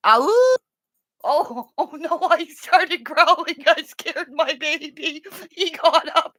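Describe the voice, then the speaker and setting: In a very animated, high-pitched voice with a sharp edge, a woman takes her time chatting to livestream viewers from bed with her dog. She laughs constantly, swears freely and teases them affectionately as she rambles.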